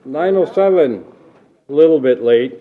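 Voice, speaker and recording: A man chairing a county board meeting, brisk and folksy, calling votes. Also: on the high side, expressive. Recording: tinny phone-like audio.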